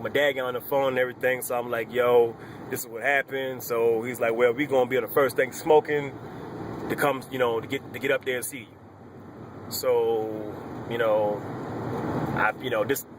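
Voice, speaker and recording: A young man casually retelling a personal story, animated and slangy, with lots of fillers. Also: mid-range voice, background noise.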